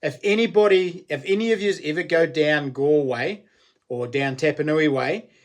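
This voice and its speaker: A man's voice: on the high side, moderate pace. A middle-aged man with a New Zealand accent hosting a casual live-stream chat, matey and chatty, greeting viewers by name and laughing often. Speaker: livestream host.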